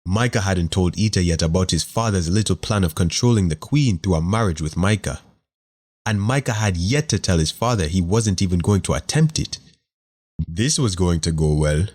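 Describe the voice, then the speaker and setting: Deep-voiced man narrating an audiobook. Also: animated, moderate pace, darkish tone.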